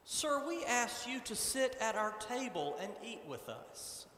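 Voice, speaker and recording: A man speaking for a gentle, joyful congregation in a calm and earnest way. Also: very high-pitched, measured pace, a little hiss or hum, full character voice. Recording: echoey hall.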